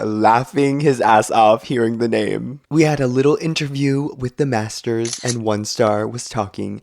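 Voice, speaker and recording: A man's voice: medium pitch, gravelly, a little mellow, dry recording, clean studio sound. A man hosting a casual show recap, talking in a snarky, sarcastic way and laughing between lines. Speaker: video recap host.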